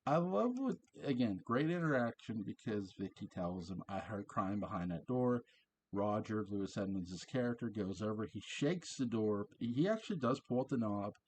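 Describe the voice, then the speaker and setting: A man's voice: lowish voice, lively intonation, normal speed, a little mellow, slight background noise. A man casually recapping a TV episode, chatty and laughing often, quoting lines in passing. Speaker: show reviewer.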